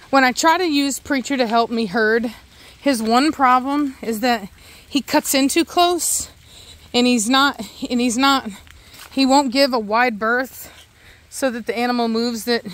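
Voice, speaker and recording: Slow-talking woman chatting outdoors. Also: fairly high pitch, fairly bright tone. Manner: rambling, chatty, talks to her dogs between remarks. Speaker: dog owner vlogger. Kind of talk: casual narration while doing farm chores. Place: outdoors in a yard with a garden and livestock.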